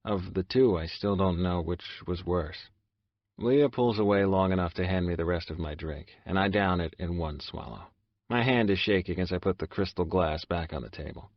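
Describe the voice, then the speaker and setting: Deep-voiced man narrating an audiobook. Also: normal speed, no echo, muffled recording. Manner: subdued, confessional storytelling. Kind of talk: first-person audiobook narration.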